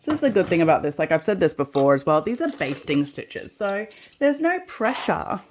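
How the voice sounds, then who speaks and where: A woman's voice: lowish voice, sing-song, moderate pace, slight background noise. Chatty, self-mocking Australian woman sewing. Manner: chatty, self-deprecating, talks to herself while working. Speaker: sewing vlogger. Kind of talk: casual sew-along chat.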